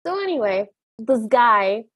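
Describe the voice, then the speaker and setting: Chatty co-host, a woman, high and husky, giggly storyteller, dry close sound. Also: sing-song, unhurried, a bit bright, no room sound. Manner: chatty, giggly, acts out scenes. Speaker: podcast co-host. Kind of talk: casual chat recapping a film.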